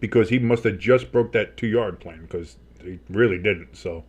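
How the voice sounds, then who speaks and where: A man's voice: on the low side, breathy edge. A man calling a game play-by-play as a fan commentator, rambling and joking with profane asides, saying he has had too much coffee. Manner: says he is talking fast on too much coffee.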